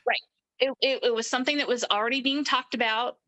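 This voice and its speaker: Middle-aged woman telling her story, bright voice, gets emphatic and does everyone's voices. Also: a little high, steady tone, fast, low-quality recording. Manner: emphatic, voices the people she quotes. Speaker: interview guest. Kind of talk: recounting a personal story.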